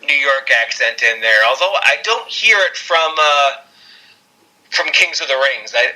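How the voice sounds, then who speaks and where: A man's voice: medium pitch, lively intonation, unhurried, pushed and bright, low-quality recording. A man co-hosting a podcast, rambling and hesitant in casual chat. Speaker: podcast co-host.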